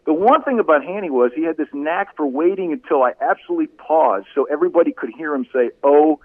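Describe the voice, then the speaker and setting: A man and former radio broadcaster telling animated anecdotes in a casual interview. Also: a little high, fast talker, no room sound. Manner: animated anecdotes, voice rising when telling funny moments. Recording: phone-like narrow sound, dry.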